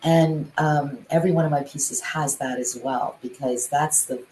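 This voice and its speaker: A woman musician chatting in an interview, often singing rhythms out loud. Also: low voice, fairly even intonation, normal speed, reverberant, slight background noise, rough recording. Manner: chatty, sings rhythms aloud. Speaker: guest, musician and composer. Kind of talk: casual interview chat.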